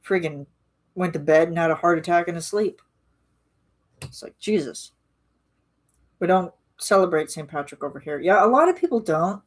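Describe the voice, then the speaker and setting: Chatty woman, low-pitched. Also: expressive, fairly quick. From Canada. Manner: rambling, chatty, frequent restarts and fillers. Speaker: streamer chatting with viewers. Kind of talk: casual live-stream chat.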